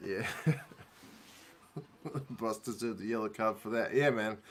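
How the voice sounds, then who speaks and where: A man's voice: lowish voice, fairly even intonation, measured pace. A man hosting a rugby watch-along, casually telling a rambling, self-mocking story and often laughing at himself. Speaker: rugby channel host.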